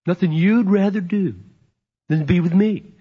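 A man's voice: high voice, measured pace, husky, voice pushed up. A man voicing a delighted middle-aged wife at the door, gushing and surprised, in a raised voice. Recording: dull lo-fi sermon recording.

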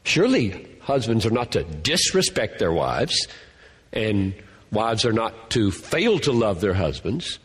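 A man's voice: on the low side, sing-song, a little slow, breathy edge, long reverb tail. A man giving a Bible lecture to a class, thinking aloud and earnestly repeating key words. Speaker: Bible teacher.

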